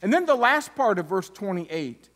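A man's voice: high-pitched, big pitch swings, normal speed, a bit bright. A man, an interim pastor, preaching a conversational sermon with joking asides and frequent restarts. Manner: restarts and stumbles over words.

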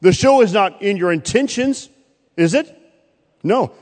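A male pastor preaching a sermon, swinging from loud bursts to quiet, pointed asides. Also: high voice, animated, unhurried. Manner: preaching with sudden loud rises and quiet drops. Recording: long hall reverb.

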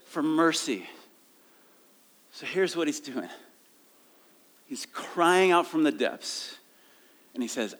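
A man's voice: a little high, expressive, slow, pauses often, fairly bright tone. A middle-aged man preaching a sermon in an easygoing, conversational tone. He drifts from careful scripture reading into casual asides and self-aware dad jokes, and his voice rises and falls with emotion. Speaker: pastor.

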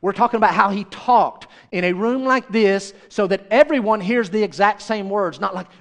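A man's voice: high-pitched, moderate pace, few pauses, big-room sound. A male pastor preaching a sermon, chatty and direct, often turning to the congregation with questions.

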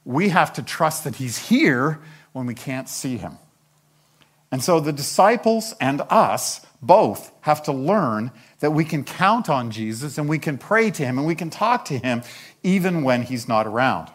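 An older man delivers a Bible-teaching sermon as an animated storyteller. His fairly high voice rises and falls widely as he acts out the characters' lines, with pitch swinging across a broad range. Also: a little slow. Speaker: preacher.

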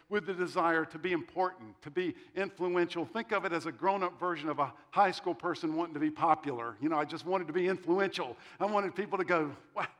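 A man's voice: fairly high pitch, fairly bright tone. A middle-aged man giving a sermon, telling a personal story with self-deprecating humor and quoted dialogue. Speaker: pastor.

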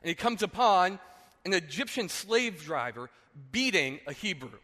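A male pastor preaching to his congregation with a bright, forceful voice that rings with a long hall reverb. He tells the story in an animated way and often checks in with "right?". The pitch sits a little high for a man. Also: normal speed. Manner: animated, acts out characters, asks "right?". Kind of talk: sermon storytelling. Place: church sanctuary.

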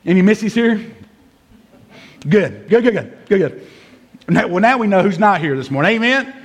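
A man preaching a sermon to a congregation, telling the story with animated delivery and acting out the characters. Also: high-pitched, normal speed. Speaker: pastor. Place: church service before a congregation.

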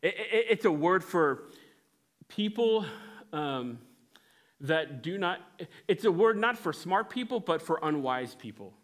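A man preaching a sermon, telling stories in an animated way with frequent restarts. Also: sits high, a little slow, long pauses. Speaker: pastor.

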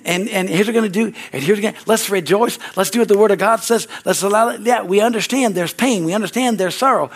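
Male pastor, high voice, storytelling sermon with repeated phrases and rising fervor. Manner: storytelling, repeats phrases, rises to excited preaching.

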